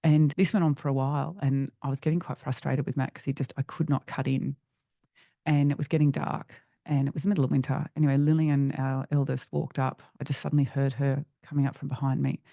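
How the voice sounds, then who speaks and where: A middle-aged woman, a podcast guest, telling a personal story in an earnest, halting way with frequent restarts. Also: rumbling low, little pitch movement, creaky, warm tone, dry recording, studio quality.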